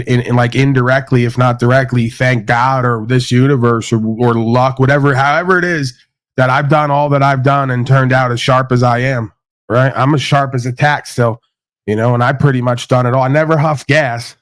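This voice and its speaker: A man's voice: medium pitch, flat delivery, a little fast, no echo. A man hosting a casual livestream chat, talking bluntly and profanely about his past and laughing often. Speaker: host.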